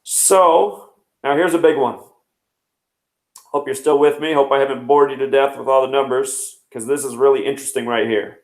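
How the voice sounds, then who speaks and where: A man's voice: medium pitch, steady tone, reverberant, poor audio. Man in his thirties rattling off numbers. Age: 30s. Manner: rapid, number-heavy explaining. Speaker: host. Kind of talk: numerology news commentary.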